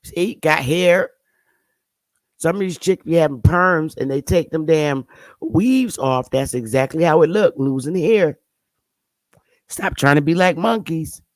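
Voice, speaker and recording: A woman's voice: deep voice, lively intonation, unhurried, pauses often, no echo. A woman hosting her channel, giving blunt, sarcastic casual commentary on pictures and scolding her viewers. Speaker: channel host.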